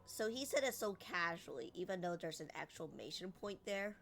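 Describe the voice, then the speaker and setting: A woman's voice: on the low side, expressive, moderate pace, gravelly, a bit bright, faint music behind. A woman streamer commenting on a game, chatty and acting out lines herself. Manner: chatty, critiques and re-reads lines.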